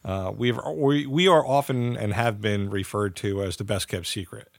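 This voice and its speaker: A man's voice: on the low side, normal speed, no room sound, studio quality. A man hosting an interview, talking in a loose, conversational way. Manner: conversational, rambling with fillers. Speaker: host, interviewer.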